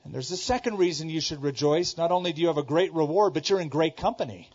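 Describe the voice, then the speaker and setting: A middle-aged man preaching a sermon with a slightly raised pitch, pressing his points by repeating them. He moves between booming outbursts and hushed asides. The recording sounds somewhat dull and lo-fi. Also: quick pace, slightly rough. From Southern California. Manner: emphatic, repeats key phrases, shifts between loud exclamations and quiet asides. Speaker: pastor.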